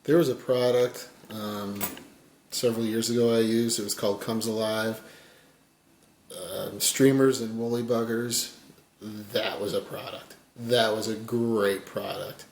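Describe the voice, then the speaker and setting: A man with a fairly low voice explains fly tying in a loose, folksy ramble. His words often trail off quietly as he focuses on his hands. The echoey room carries a faint background hum. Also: steady tone, measured pace. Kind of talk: casual tutorial talk.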